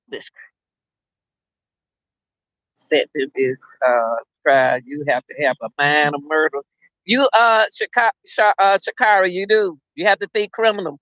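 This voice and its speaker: A man's voice: high-pitched, measured pace, fairly bright tone, dry recording. A middle-aged man hosting a casual livestream, rambling and chatting directly to his viewers. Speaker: livestream host.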